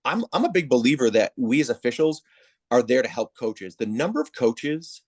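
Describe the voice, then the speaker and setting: Animated storytelling man, volleyball official. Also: medium pitch, moderate pace. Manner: animated storyteller, acts out quoted voices. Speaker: head of volleyball officials, guest. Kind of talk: casual interview chat.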